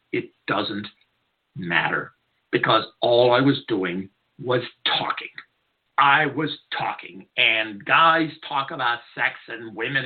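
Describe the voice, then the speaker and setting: A man hosting a talk radio show, delivering a blunt, irreverent, rambling monologue from a studio. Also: medium pitch. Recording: narrow tinny lo-fi audio.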